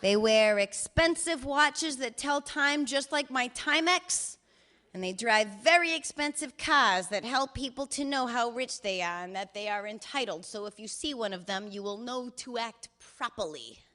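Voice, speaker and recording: A woman's voice: on the high side, animated, moderate pace, bright, forceful tone. Woman doing her wisecracking old dad. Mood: joking. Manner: swearing freely, wry and affectionate. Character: older father, cheerful, profane, doting. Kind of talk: reading voicemails aloud in character.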